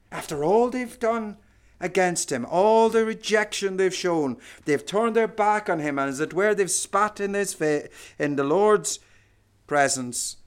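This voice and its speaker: A man preaching a sermon, slow and emphatic, swinging from hushed lines to loud ones. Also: a little high, clean tone.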